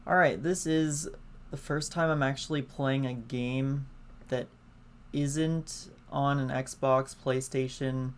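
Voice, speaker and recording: A man hosting a live gameplay stream, chatty and excitable as he greets viewers. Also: mid-range voice, slow pace, slight background noise. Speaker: gaming streamer. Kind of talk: live let's-play commentary. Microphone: laptop setup. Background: faint game music.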